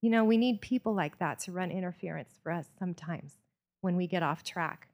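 A woman's voice: on the low side, brisk, a little mellow. A woman preaching a sermon in a church, telling stories with earnest, varied emphasis.

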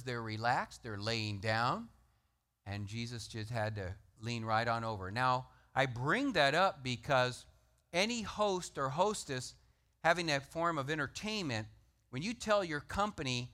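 Animated, bright-voiced male preacher. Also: medium pitch. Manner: animated, conversational preaching with dramatic quotes. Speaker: pastor. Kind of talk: sermon.

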